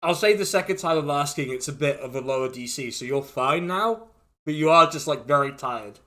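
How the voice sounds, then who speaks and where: A man running a tabletop game with a casual, easygoing delivery, his voice sitting a little high. He explains the rules loosely and breaks into chuckles. The pace is conversational and unhurried. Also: sharp tone. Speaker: dungeon master.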